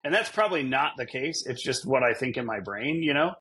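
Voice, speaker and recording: A man's voice: medium pitch, lively intonation, a little fast, pushed and bright, husky. A man co-hosting a podcast, chatting casually in a rambling, self-deprecating way and laughing often. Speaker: podcast co-host. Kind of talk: casual chat.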